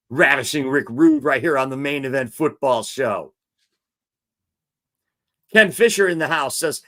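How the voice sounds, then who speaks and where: A man's voice: mid-range voice, lively intonation, unhurried, long pauses, a bit bright. A man hosting a live football show, talking casually and animatedly, and reading viewer comments aloud.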